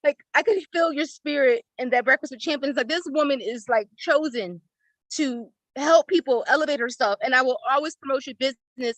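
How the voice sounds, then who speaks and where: A woman's voice: sits high, fairly quick, a bit bright, no room sound, poor audio. A woman on a video call giving a heartfelt, tearful testimony of gratitude, effusive and emotional. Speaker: participant in an online class. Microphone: laptop or phone on a video call.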